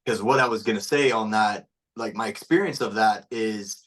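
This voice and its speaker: A man's voice: fairly low pitch, moderate pace, fairly bright tone. Reflective man teaching an online class. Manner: reflective, conversational. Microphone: video call.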